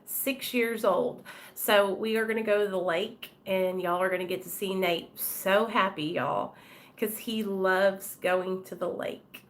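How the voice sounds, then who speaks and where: A woman's voice: mid-range voice, fairly even intonation, measured pace. Candid chatty woman with a drawl. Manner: candid, chatty, addresses viewers and commenters by name. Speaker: vlogger talking to live chat. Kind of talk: casual live-stream chat.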